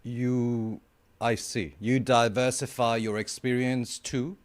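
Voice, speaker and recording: A man co-hosting a podcast, playful and quick to joke, chatting casually. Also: medium pitch, flat delivery. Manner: playful, quick to laugh, short backchannels. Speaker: co-host.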